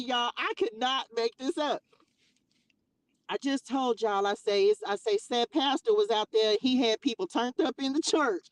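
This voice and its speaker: A woman hosting a livestream, preaching in an emphatic, animated way, laughing often and firing off rhetorical questions. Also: fairly high pitch, no echo. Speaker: livestream host. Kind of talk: passionate preaching rant on a livestream.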